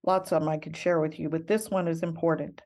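A woman's voice: low-pitched, flat delivery, quick pace, a little mellow. An older woman, a missionary guest in an interview, telling her story in an earnest, reflective and heartfelt way.

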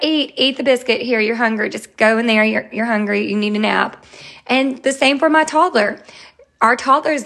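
A woman, hosting a podcast in a chatty, expressive way. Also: fairly high pitch, vocal fry. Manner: chatty and expressive, bursts into loud acted quotes. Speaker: podcast host. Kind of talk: casual solo podcast talk.

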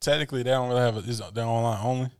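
Rapid-fire and clear, a man with a resonant mid-range voice co-hosts a laid-back sneaker chat. He spins animated stories full of slang and keeps breaking into laughter.

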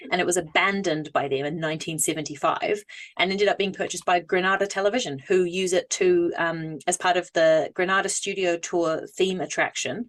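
A woman co-hosting a casual podcast, reading out researched facts with frequent hesitant "um"s. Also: lowish voice. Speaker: podcast co-host.

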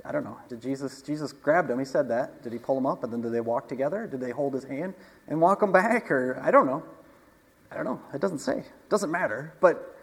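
Chatty preacher in a reverberant hall. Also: male voice, medium pitch, lively intonation, fairly quick, gravelly, husky. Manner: conversational, asks the audience questions, chuckles often. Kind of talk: casual sermon.

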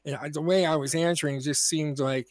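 A man co-hosting a podcast, speaking in relaxed, reflective casual chat and giving quick agreeing replies. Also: fairly high pitch, dry recording. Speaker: podcast co-host.

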